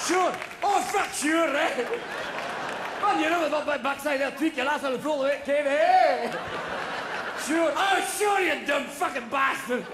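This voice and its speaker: A man's voice: extremely high pitch, unhurried, echoey room, a crowd in the background, voice pushed up. A man doing a garbled drunk Scotsman. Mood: garbled rowdy. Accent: Scottish. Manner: mumbled, garbled, then shouting. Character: drunk unintelligible Scotsman, rowdy and insulting. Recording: live theater recording with audience noise.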